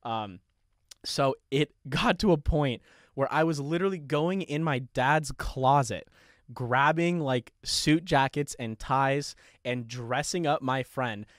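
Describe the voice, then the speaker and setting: A man's voice: mid-range voice, slow, no echo, clean studio sound. A young man hosting a podcast, telling a story casually with lots of swearing and frequent laughter. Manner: profane, laughing often, animated retelling. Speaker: podcast host.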